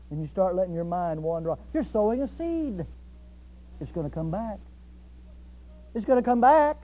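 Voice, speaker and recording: A man preaching a sermon emphatically, repeating key phrases and swinging between loud stress and quiet asides. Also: high voice, animated, normal speed, long pauses. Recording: dull lo-fi recording.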